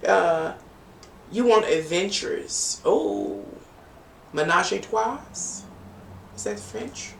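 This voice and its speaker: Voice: medium pitch, lively intonation, drawn-out words, creaky, pauses often. A tarot reader giving a chatty, playful live-stream reading, with teasing asides to viewers. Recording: echoey room, distant from mic, faint noise.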